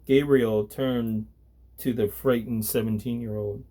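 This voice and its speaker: A man reading a story aloud as narrator, at a deliberate pace. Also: mid-range voice, fairly even intonation, darkish tone.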